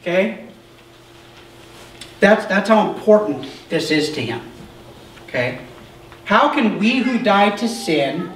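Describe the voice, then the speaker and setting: Pastor preaching from a distance in a roomy church. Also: male voice, sits high, a little hiss or hum. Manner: explains scripture conversationally with frequent "okay?"; shouts emphatic points. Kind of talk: sermon. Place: church sanctuary.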